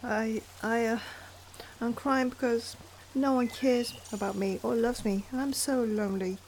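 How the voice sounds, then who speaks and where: A man voicing a lonely little female rabbit in a storybook reading, soft and faltering, on the edge of tears. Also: very high-pitched, animated, normal speed, a little hiss or hum, voice pushed up. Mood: sobbing. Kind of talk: storybook narration.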